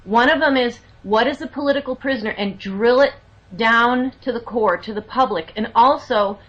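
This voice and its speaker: A woman's voice: fairly high pitch, moderate pace, fairly bright tone. A woman in a radio talk discussion, conversational and thinking aloud as she speaks. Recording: dull lo-fi broadcast audio.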